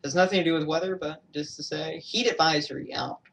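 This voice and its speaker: A man's voice: a little high, fast talker, vocal fry, fairly bright tone, far from the mic. Hesitant young man giving a weather update. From Georgia, USA. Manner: hesitant, many fillers and self-corrections. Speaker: amateur weather broadcaster. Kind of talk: casual weather update livestream.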